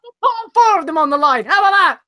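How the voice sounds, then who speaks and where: A playful man co-hosting a casual chat, who teases and giggles often. His voice is bright and his pitch bounces around a lot. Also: animated, very fast. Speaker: podcast co-host.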